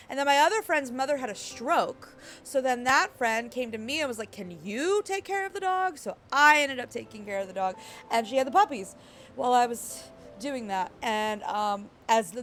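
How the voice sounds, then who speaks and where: A woman streaming and chatting casually, rambling and reading chat aloud, her voice croaky and worn out. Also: on the high side. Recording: faint music underneath.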